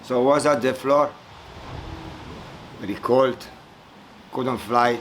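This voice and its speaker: A man giving a spiritual talk at a retreat, telling a folk story slowly and haltingly, searching for words and chuckling as he goes. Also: medium pitch, lively intonation, fairly bright tone, slight background noise, low-quality recording. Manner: halting, searching for words, many fillers and repeats. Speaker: spiritual teacher speaking at a retreat.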